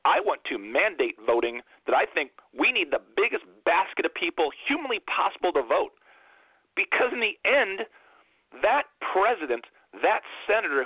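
A man's voice: fairly high pitch, husky, no echo. A man hosting a political talk radio show, lecturing emphatically and repeating phrases for impact. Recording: narrow phone-like dry sound.

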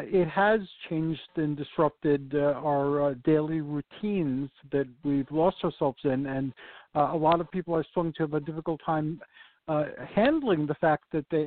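A man's voice: fairly high pitch, normal speed, no room sound. A man hosting a spiritual talk radio show, who greets and introduces his guests with formal enthusiasm. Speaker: radio host. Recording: tinny phone line with hiss.

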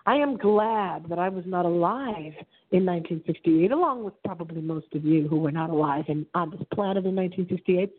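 A woman's voice: fairly quick, slight background noise. Dramatic woman radio host on a phone line. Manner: dramatic, theatrical delivery with big pitch swings. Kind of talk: solo radio show monologue.

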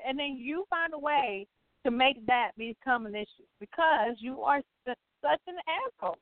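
A woman's voice: fairly high pitch, moderate pace, dry recording. A woman co-hosting a casual talk show, blunt and teasing, who sometimes mixes up names. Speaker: co-host. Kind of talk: casual chat. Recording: phone-line audio.

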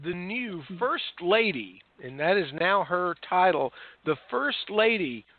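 A man hosts a casual talk radio show and often stumbles and restarts his sentences. His voice sits a little high. It sounds dry and tinny, as if over a phone. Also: sing-song, measured pace, dry recording. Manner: warm, repetitive, stumbling restarts. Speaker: host.

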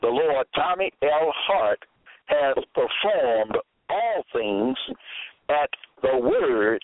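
A man preaching alone in a deliberate, halting way, reading scripture aloud with many fillers and repeated phrases. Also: on the high side, big pitch swings, dry recording. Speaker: preacher presenting his own episodes. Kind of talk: slow solo sermon reading scripture aloud. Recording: tinny phone-line sound, dry.

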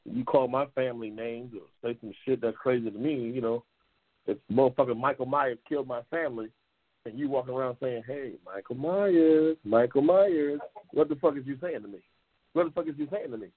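A man hosting a call-in talk show, heated and profane, repeating himself and jumping into high outbursts. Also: fast talker, no room sound. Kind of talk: loud profane call-in chat. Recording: phone-like lo-fi audio.

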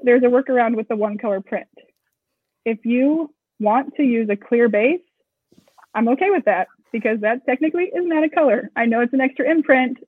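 A woman's voice: on the high side, dry recording. Chatty woman on a tinny line. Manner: brisk, chatty, joking asides. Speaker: screen printing shop co-founder, guest. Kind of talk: casual explanatory interview talk. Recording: tinny phone-like audio, dry.

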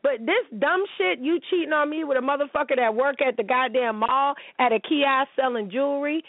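A woman's voice: high-pitched, normal speed, no echo. A woman in her forties hosting a show, ranting bluntly and cursing freely from home. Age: 40s. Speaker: show host. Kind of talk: casual monologue commentary. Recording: tinny phone-like line, dry.

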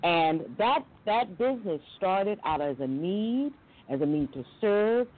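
A middle-aged woman from Long Island talks as a guest on a chat show. She is candid and animated and slips into high voices when she quotes people. Her pitch swings wide, and the audio is tinny, like a phone call. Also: unhurried. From Long Island, New York. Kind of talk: casual interview storytelling.

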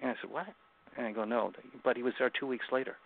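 Guest author, male, gravelly voice, earnest halting delivery, tinny call audio. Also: medium pitch, steady tone. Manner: earnest, halting retelling with many restarts. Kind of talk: personal storytelling in an interview. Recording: phone-like remote call line.

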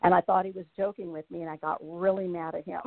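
A woman's voice: on the low side, little pitch movement, fast, gravelly, no room sound. A woman in her late fifties, a guest on the show, earnestly reading her personal story aloud and then chatting about it. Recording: tinny phone line.

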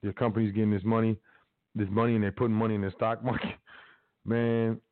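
A man's voice: lowish voice, level tone, fast, no room sound. A man hosting a podcast, mixing read-out news with emphatic casual commentary and slang, talking straight to his listeners. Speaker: podcast host. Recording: dry, phone-like narrow sound with faint music.

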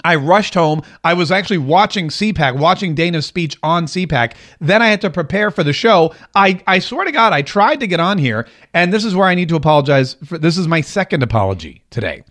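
A man's voice: a little high, expressive, a little fast, hardly any pauses, a bit bright. A man hosting his own radio and podcast show from a home studio, telling a rambling, self-mocking story in a joking, casual way. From Jacksonville, Florida area. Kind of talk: casual comedic monologue.

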